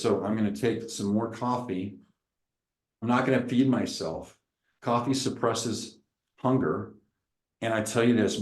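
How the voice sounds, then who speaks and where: A man, a chiropractor, giving an energetic, preacher-like seminar presentation. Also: lowish voice, reverberant, rough recording. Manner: lively, preacherly, acts out little dialogues.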